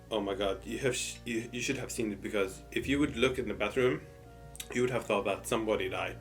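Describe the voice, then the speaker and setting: A man's voice: lowish voice, fairly bright tone. A man casually telling a personal story while eating, hesitant and full of fillers and restarts. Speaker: storytime host.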